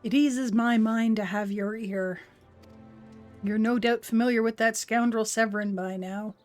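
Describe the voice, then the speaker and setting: A woman's voice: a little high, steady tone, measured pace, darkish tone, soft background music, natural voice. A woman reading the lines of a stern farm overseer from a video game aloud, in an old-fashioned rustic way. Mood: earnest. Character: stern farm overseer vowing to punish a rogue.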